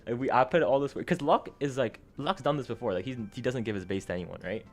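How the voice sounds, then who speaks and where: A man's voice: medium pitch, quick pace, hardly any pauses, faint music behind. A young man telling a gaming story in a casual, rambling way, full of slang, swearing and fillers, his energy rising and falling. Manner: animated, jumps up and down in energy.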